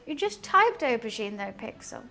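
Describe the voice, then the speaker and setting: A woman's voice: on the high side, big pitch swings, moderate pace, creaky, bright, forceful tone, soft background music. A young woman, chatting casually and giggling as she answers her live-stream chat while cooking in her home kitchen.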